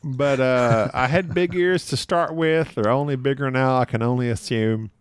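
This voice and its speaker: A man chats as a podcast guest and tells animated stories, often laughing as he talks and poking fun at himself. His voice is recorded close and dry, with no room sound around it. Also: mid-range voice, moderate pace, clear, resonant tone, no room sound. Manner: animated, laughs often mid-sentence, self-deprecating. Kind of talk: casual conversational storytelling.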